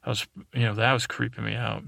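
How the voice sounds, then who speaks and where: A man hosting a podcast, telling a rambling improvised bedtime story in a meandering, deadpan way. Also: medium pitch, quick pace, vocal fry, no echo, clean studio sound. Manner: meandering, deadpan, full of restarts. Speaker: podcast host.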